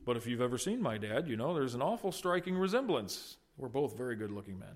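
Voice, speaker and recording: A middle-aged man preaching a sermon in an earnest style, swinging between loud and soft. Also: very animated, fast talker. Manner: earnest preaching with wide swings in loudness and pitch. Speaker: pastor.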